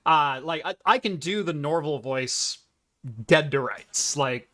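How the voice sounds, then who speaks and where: A man co-hosting a casual tech podcast, chatty, with halting restarts. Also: fairly high pitch, a bit bright. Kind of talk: casual chat.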